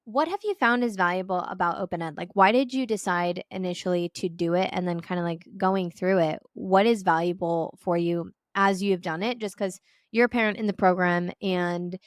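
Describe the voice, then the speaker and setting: A woman's voice: lowish voice, normal speed, clean tone, no echo, clean studio sound. A woman hosting a podcast interview, affirming her guest and asking questions in a casual way. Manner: warmly affirming, asks questions. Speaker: podcast host.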